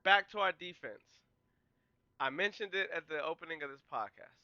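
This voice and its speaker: A man hosts a podcast and talks through game film play by play in a casual, conversational way. His voice sits high and is very bright and smooth. The recording is close and dry, with a slightly dull, muffled top end. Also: moderate pace, no room sound. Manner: excitable, yells and cheers at big plays; explains plays in a relaxed, conversational way. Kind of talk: casual film breakdown commentary.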